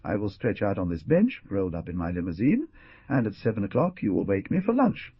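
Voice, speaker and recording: A man's voice: on the low side, very animated, brisk, husky, dry recording, full character voice. A man voicing a weary middle-aged farmer who speaks firmly and urgingly to a grieving friend. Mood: tired. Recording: dull lo-fi dry recording.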